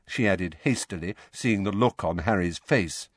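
A man narrating a storybook with expressive storytelling. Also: deep voice, normal speed, few pauses, dry recording, studio quality. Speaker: audiobook narrator. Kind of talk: scripted narration.

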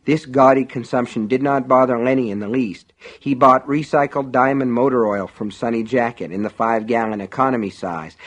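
Male audiobook narrator, mid pitch, steady wry storytelling.

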